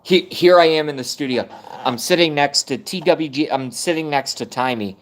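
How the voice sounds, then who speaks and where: A man's voice: fairly high pitch, moderate pace. Thirties male streamer, loose self-mocking rant, lots of swearing. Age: 30s. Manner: profane, rambling, self-mocking. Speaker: live streamer. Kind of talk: casual rant on a live stream.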